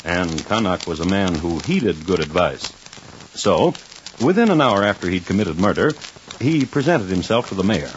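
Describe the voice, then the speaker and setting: A man's voice: deep voice, sing-song, normal speed, slight background noise. A man narrating an old radio drama as a wry storyteller. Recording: dull lo-fi old radio recording with music.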